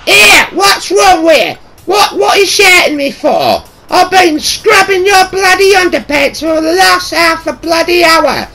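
A man voicing a shrill, scolding mum in a screeching falsetto, nagging and swearing. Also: lively intonation, unhurried, creaky, hardly any pauses, faint music behind, full character voice. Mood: furious scolding. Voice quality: screeching falsetto, yelled from afar. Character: shrill scolding working-class mum, middle-aged woman.

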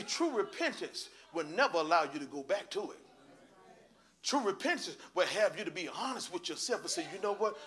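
A middle-aged man, a pastor preaching a sermon that rises from hushed storytelling to shouting fervor. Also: sits high.

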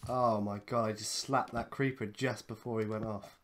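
A man's voice: on the low side, steady tone, normal speed, slight background noise. A man teasing his co-player in a casual, sweary gaming chat. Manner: sweary, playful, teasing banter. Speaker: gamer co-host.

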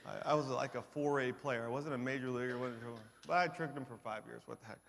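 Man in his own storyteller voice, mid-pitched, animated, jokes at his own expense, heard in a long-reverb conference hall. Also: fast, gravelly. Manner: animated, acts out quoted voices; self-deprecating humor. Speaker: conference speaker. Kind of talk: personal testimony storytelling.

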